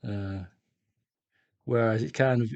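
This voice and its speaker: A middle-aged man chatting casually while he paints, slow and rambling with many pauses. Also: lowish voice, steady tone, darkish tone, dry recording, muffled recording. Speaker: art vlogger.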